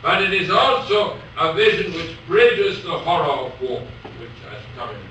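A man giving a university lecture, reading poetry aloud slowly and otherwise talking haltingly with many pauses. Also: a little high, big pitch swings, bright, forceful tone. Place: lecture hall. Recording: echoey hall from far off, faint noise.

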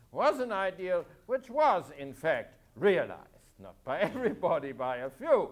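A man lecturing on history to students, asking rhetorical questions and repeating key points for emphasis. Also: sits high.

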